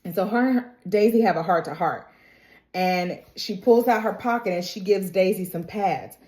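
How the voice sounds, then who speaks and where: A woman hosting a TV reaction channel, recapping an episode in casual, animated, emphatic storytelling. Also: mid-range voice, normal speed. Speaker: TV reaction host. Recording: roomy echo.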